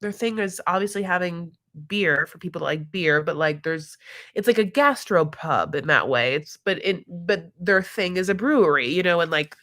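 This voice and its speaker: A woman's voice: on the low side, normal speed, a bit bright. A woman hosting a reality TV recap live stream in casual commentary, chatty and giggly, leaning on fillers and calling people honey and my love.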